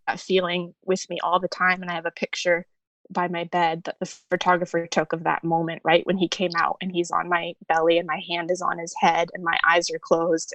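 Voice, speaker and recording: A woman guest telling her own story in an emotional interview, tender, with soft laughter through tears. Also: fairly low pitch, dry recording.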